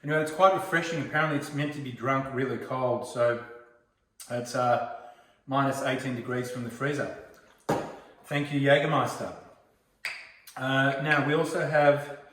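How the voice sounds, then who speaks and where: A man's voice: mid-range voice, fairly even intonation, normal speed, long pauses, fairly bright tone, a little hiss or hum. Chatty Australian man in an echoey room. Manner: chatty, rambling storyteller. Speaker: cooking video host. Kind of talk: casual home cooking vlog. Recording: roomy echo, mic far off.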